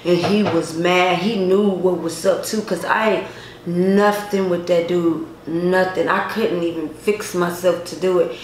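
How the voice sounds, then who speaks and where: A woman's voice: on the low side, fairly even intonation, a little slow. A woman vlogger telling a personal story to her viewers in a casual, emphatic way, with many repetitions. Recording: echoey room, faint noise.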